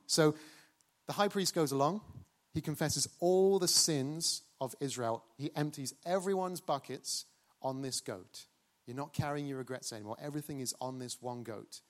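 A preacher with a middling pitch gives a dramatic sermon, slowing down to stress key words. He returns again and again to a rhetorical refrain, sounding animated and engaged with his audience.

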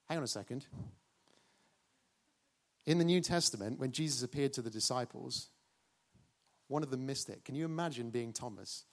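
Guy preaching a sermon, dramatic, slows right down on key words, keeps hitting the same rhetorical question. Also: medium pitch. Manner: dramatic, with a repeated rhetorical refrain and slow emphatic stresses.

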